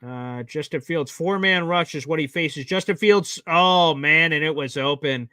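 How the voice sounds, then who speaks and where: A man's voice: on the high side, a little slow, sharp tone, clear, resonant tone, dry recording. A man hosting a live watch party stream, calling play-by-play and getting exasperated at bad plays.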